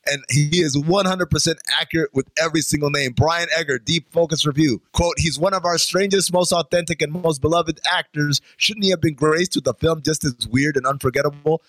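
A man hosts a casual podcast, reading out film reviews in a playful way. His voice sits a little high. The sound is close and dry, with no room around it. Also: a little fast, few pauses, a bit bright, no room sound. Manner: reads quoted reviews aloud, playful catchphrase. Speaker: podcast host. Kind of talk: casual chat.

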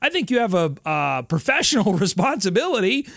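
A man with a fairly high voice, chatting on a sports podcast, animated and quick to laugh. He sounds close and dry, with no room in the sound. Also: creaky, no echo. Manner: animated, laughs often, builds stories. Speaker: podcast co-host. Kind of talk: casual sports podcast chat.

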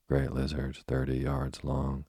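Slow husky guy reading a storybook, raspy gravelly voice. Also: very deep voice, monotone, warm tone, no room sound, clean studio sound. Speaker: audiobook narrator. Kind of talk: storybook narration.

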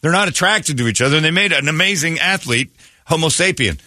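A man hosting a morning radio show, joking loudly and irreverently with his co-hosts in casual banter. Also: on the high side, animated, fast, no echo. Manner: loud, jokey and irreverent, swings into put-on quote voices. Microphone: studio microphone. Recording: dry radio studio.

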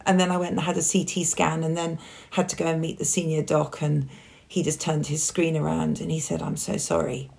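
A woman speaks as a podcast guest, her voice low and edged with gravel. She tells her own story openly, taking her time to reflect. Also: flat delivery, a little fast, darkish tone. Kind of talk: personal conversation.

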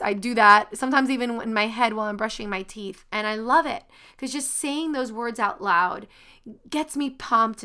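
A woman's voice: fairly high pitch, pushed and bright, smooth. A woman hosting a motivational podcast, reading a passage with dramatic emphasis and then talking earnestly and encouragingly to her listeners. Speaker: podcast host.

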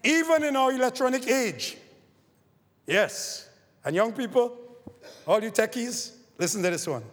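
A man's voice: animated, measured pace, long pauses. Man preaching in a reverberant hall. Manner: preaching with sweeping rises and falls in pitch and loudness. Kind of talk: sermon.

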